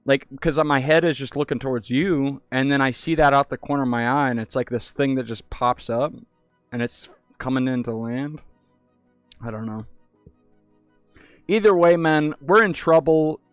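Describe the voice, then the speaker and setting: A man's voice: medium pitch, normal speed, clean tone, no room sound, faint music behind. A young man in casual chat in a VR hangout, rambling and swearing freely, stumbling over restarts as he talks into a headset mic. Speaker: VR streamer. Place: virtual reality hangout.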